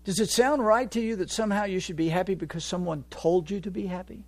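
A man preaching a sermon, moving from quiet reflection to loud, fervent exhortation. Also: high-pitched, fast, no room sound.

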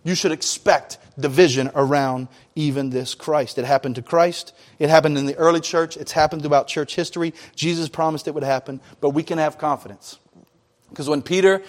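A man's voice: fairly high pitch, fairly even intonation, a little fast. A man preaching a sermon as pastor, mixing scripture reading with loose, conversational asides and casual slang.

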